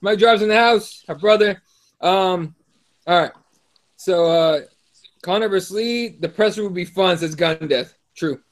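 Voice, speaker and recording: A man co-hosting a casual livestream podcast, reading chat comments aloud in a profane, animated way. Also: high voice, a little slow.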